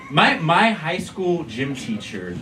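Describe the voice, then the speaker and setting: A young man doing stand-up on a comedy club stage, loud and animated, swearing often and jumping into high excited yelps. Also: slow pace, distant mic, noisy background. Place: comedy club stage before a laughing crowd. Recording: roomy club sound with a roaring crowd.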